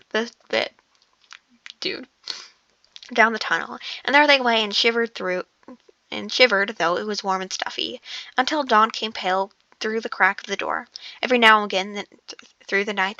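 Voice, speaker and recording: A woman's voice: mid-range voice, bright, forceful tone, dry recording, highs cut off. A woman casually reading a novel aloud, often stumbling over words, restarting sentences and breaking off for joking asides. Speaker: audiobook reader.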